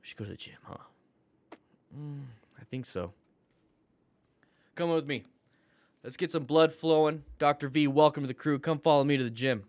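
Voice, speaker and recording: With a slightly high, somewhat mellow voice at normal speed, pausing often, a man instructs a live-streamed motorcycle class. He reviews riding videos, joking with viewers and coaching cheerfully.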